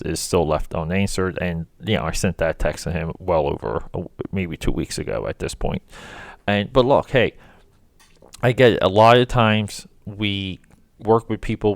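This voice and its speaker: A man's voice: deep voice, no echo, studio quality. A man hosting his own podcast, talking casually in a rambling, emphatic way with many fillers and restarts. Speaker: podcast host. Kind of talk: casual solo monologue.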